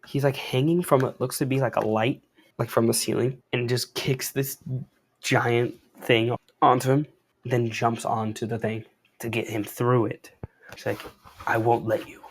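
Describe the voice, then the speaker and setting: A man's voice: medium pitch, steady tone, unhurried, husky. A young adult man giving casual, slangy commentary while reading a comic aloud, with laid-back hedging asides.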